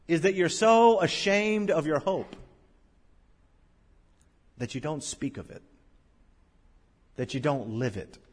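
A male pastor preaching a sermon, swelling to loud, drawn-out scripture recitations and dropping to hushed lows. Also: breathy edge. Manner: slow, drawn-out recitation of King James verses. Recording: long church-hall reverb.

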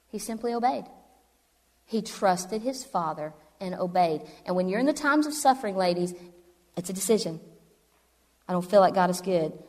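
Emphatic woman preaching in a reverberant hall. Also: medium pitch. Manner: animated and emphatic, swings between loud and soft. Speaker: speaker at a women's event. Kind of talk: sermon.

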